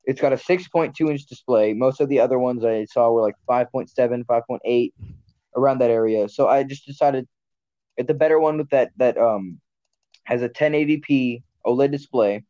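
A man's voice: medium pitch, moderate pace, dark tone, no room sound. A man hosting a casual podcast chat, rambling and blunt, often correcting himself mid-sentence. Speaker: podcast host. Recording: dull lo-fi sound.

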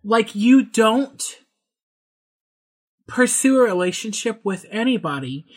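A woman's voice: fairly high pitch, expressive, takes it slowly. A woman co-hosting a podcast, blunt and opinionated in casual chat, teasing and swearing freely. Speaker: podcast co-host.

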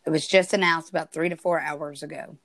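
A woman co-hosting a casual podcast, explaining things in a relaxed, chatty way. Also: low-pitched, a little fast, no echo. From United States. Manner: easygoing, explanatory, laughs along. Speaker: podcast co-host. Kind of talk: casual chat.

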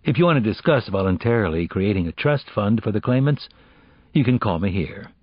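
A man voicing a cool, unyielding male lawyer who speaks in a measured way, in an audiobook. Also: on the low side, lively intonation, no echo. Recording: dull, dry audiobook recording.

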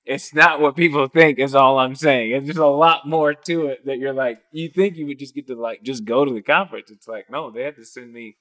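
A playful man tells stories as a podcast guest, chatty and animated. His voice sits at a middle pitch for a man. He keeps things casual and light. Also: fairly quick, hardly any pauses. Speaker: podcast guest, speaker and coach.

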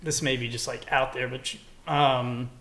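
A man's voice: medium pitch, steady tone, moderate pace, fairly bright tone, roomy sound. A young man from Texas, a podcast co-host, chatting casually and rambling with lots of "like" and swearing. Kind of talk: casual chat.

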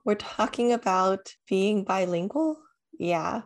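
A woman's voice: mid-range voice, slow. Giggly, chatty young woman. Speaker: podcast co-host. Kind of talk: casual chat.

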